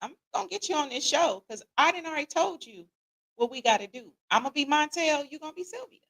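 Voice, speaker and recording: A middle-aged woman, hosting a casual livestream and greeting viewers in a lively, slangy, playful way. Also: sits high, quick pace. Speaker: podcast host.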